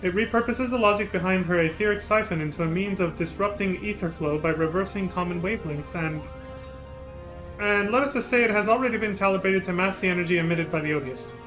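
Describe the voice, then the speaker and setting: A man reading the lines of a male inventor ally from a game, brisk and explanatory. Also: high-pitched, fairly bright tone, soft background music. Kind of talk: reading game dialogue aloud.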